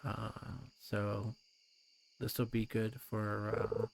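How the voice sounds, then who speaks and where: A man's voice: lowish voice, flat delivery, takes it slowly, creaky, a little hiss or hum. A man giving casual, playful let's play commentary, rambling chattily with plenty of fillers as he plays.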